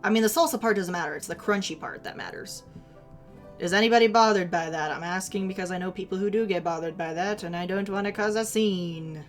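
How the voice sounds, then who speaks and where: A young woman in casual live-stream chat, talking to her viewers. She is chatty and giggly, and she laughs at herself easily. Faint music plays quietly in the background. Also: medium pitch, brisk. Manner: giggly, chatty, self-deprecating.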